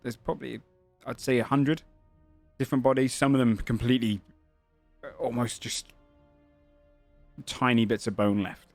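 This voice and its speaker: A man's voice: medium pitch, steady tone, normal speed, pauses often, no echo, faint music behind. Man narrating as game master. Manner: descriptive, with frequent fillers and self-corrections.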